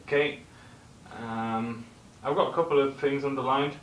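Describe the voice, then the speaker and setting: A man's voice: medium pitch, steady tone, normal speed, slight background noise. A man teaching a vocabulary lesson in a classroom, explaining words and often checking in with the class through tag questions. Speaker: English teacher. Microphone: recorder at a distance. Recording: echoey room recording from far off.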